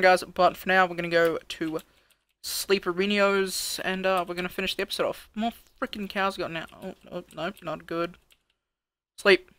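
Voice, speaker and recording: Commenting casually on his gameplay, this let's play host counts aloud while building, thinks out loud, and complains about what he's made. He has a mid-range voice in a dry recording.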